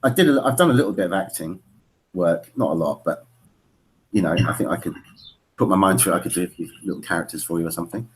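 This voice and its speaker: Man, low voice, rapid, enthusiastic, stumbling restarts, video call. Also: slight background noise. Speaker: caller on a live video stream. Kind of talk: casual chat.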